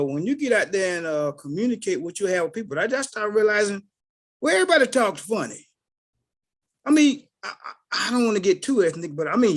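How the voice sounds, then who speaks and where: Man in his 60s, folksy and animated, shares a story on a group call. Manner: animated, swings between low mutters and loud outbursts. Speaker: call participant sharing a story. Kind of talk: casual storytelling.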